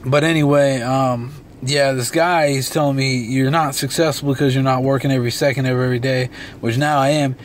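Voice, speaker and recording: A young man talking in a relaxed, rambling vlog monologue from a dark room at home, swearing freely. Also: mid-range voice, a little fast, a little hiss or hum. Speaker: vlogger and beatmaker.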